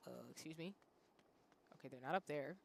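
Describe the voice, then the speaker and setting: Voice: mid-range voice, a little fast, slight background noise. A streamer in their thirties giving casual commentary while playing a game, chatty and talking back to the characters on screen. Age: 30s. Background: faint background music.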